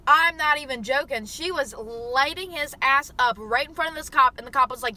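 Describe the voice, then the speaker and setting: Young woman vlogging, super bright sharp voice, swears a lot, chatty and lively. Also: sits high, moderate pace, hardly any pauses. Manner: profane, chatty and animated. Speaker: mukbang vlogger. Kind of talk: casual storytelling to camera.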